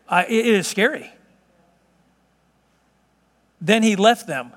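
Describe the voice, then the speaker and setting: A man preaching a sermon in an emphatic, conversational way, at times dropping to slow, hushed tones. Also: sits high, lively intonation. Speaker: pastor. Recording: long reverb of a large hall.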